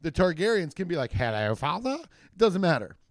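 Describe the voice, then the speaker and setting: Man, comedy podcast host, solo monologue, slightly high voice, dry close mic, rambling, profane, jokey asides. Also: animated, a little fast, dry recording.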